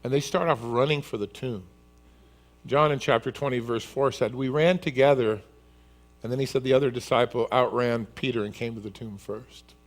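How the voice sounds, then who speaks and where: Brisk and medium-pitched, a male pastor's voice carries a sermon in which he animatedly tells the story and vividly acts out its scenes.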